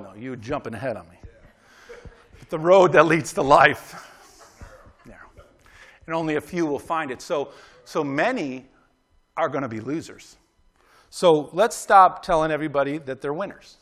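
A man delivers a sermon in a loose, chatty style, tossing "right?" out to his congregation between points. His voice sits notably high for a man. He pushes hard when he exhorts his listeners to try harder and train to win. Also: moderate pace, long pauses, a bit bright. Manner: conversational preaching with frequent "right?" asides; emphatic, exhorting. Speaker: pastor.

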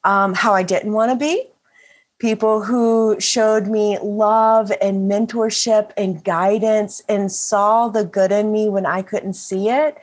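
A woman's voice: medium pitch, fairly even intonation, slow pace. Woman guest, earnest, reflective, speaks openly and at length. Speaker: podcast guest. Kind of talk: casual conversational interview.

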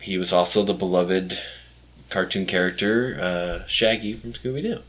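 A man's voice: deep voice, normal speed, a bit bright. A man in his forties hosting a casual quiz chat, laid-back and laughing often. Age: 40s. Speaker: quiz host.

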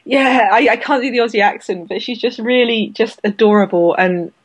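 A woman's voice: a little high, moderate pace, slightly rough. A woman co-hosting a podcast, chatting casually and gushing with enthusiasm, often restarting her sentences. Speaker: podcast co-host. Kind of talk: casual chat.

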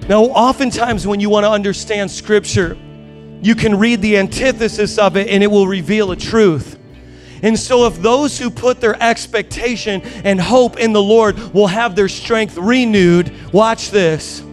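A man preaching a sermon as pastor, building to shouted, rising emphasis. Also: high voice, unhurried, faint music behind.

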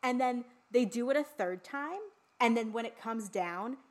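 A woman's voice: a little high, unhurried. Chatty woman podcast co-host. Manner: chatty, swears freely, lots of fillers. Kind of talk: casual chat about a horror film.

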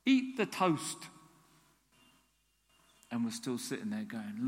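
Animated preacher man in a reverberant hall. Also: medium pitch, takes it slowly, pauses often, slightly rough. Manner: animated, acts out dialogue with God. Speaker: pastor. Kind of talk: sermon.

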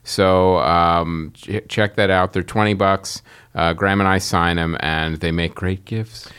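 A man's voice: deep voice, fairly even intonation, a little slow, fairly bright tone, clean tone. A man co-hosting a comedy podcast, laughing often and plugging merchandise. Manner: laughs a lot, plugs merchandise. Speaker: podcast co-host. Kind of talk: casual comedy podcast chat.

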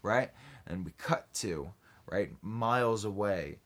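A man's voice: lowish voice, slow, fairly bright tone. A man co-hosting a casual comedy chat, acting out characters with silly voices and swearing a lot. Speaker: co-host pitching a movie idea.

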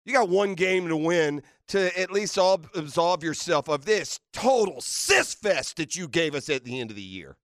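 A man hosting sports radio, delivering a fiery, mocking rant with shouted bursts. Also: on the high side, lively intonation, normal speed, few pauses, no echo, studio quality. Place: radio studio.

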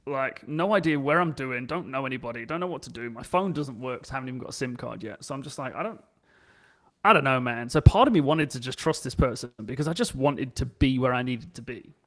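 A young English man chatting casually and telling stories, animated and swearing freely, acting out the people he quotes. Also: medium pitch, fast talker. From England. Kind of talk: casual chat, storytelling.

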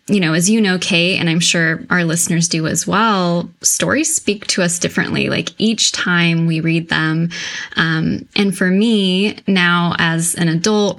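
A woman's voice: lowish voice, fairly bright tone. A woman co-author in a casual interview, talking chattily with lots of 'like' and 'you know'. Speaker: co-author of a children's book series.

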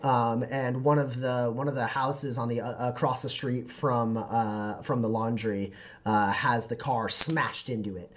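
A man at a middling pitch runs a tabletop game as game master. He describes scenes in a loose, halting ramble and leans constantly on fillers. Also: steady tone.

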